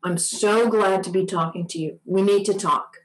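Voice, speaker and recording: Woman quoting a gentle peacemaker woman. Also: medium pitch, fairly even intonation, moderate pace, natural voice, low-quality recording. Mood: encouraging. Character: warm woman guest, peace worker.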